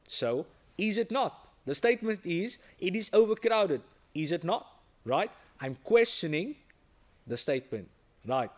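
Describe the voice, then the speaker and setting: A man's voice: high voice, very animated, measured pace. A male teacher giving an exam-prep lesson, stressing key points and checking in with the class after every few sentences. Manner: emphatic, repeats key points, checks in with "okay?" and "right?".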